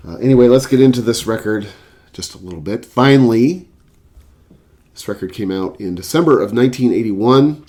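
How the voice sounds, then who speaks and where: A man's voice: mid-range voice, lively intonation, a little fast, darkish tone. A man telling a rambling anecdote and reviewing a record as a casual vlogger, with many fillers. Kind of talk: casual storytelling and album review.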